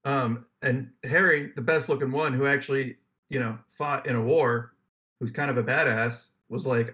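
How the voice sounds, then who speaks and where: A man's voice: medium pitch, fairly even intonation, moderate pace, pushed and bright. A young man co-hosting a casual podcast, reading facts aloud and riffing with jokes. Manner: rambling, jokey, reads facts aloud then riffs. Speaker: podcast co-host. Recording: dull lo-fi mic.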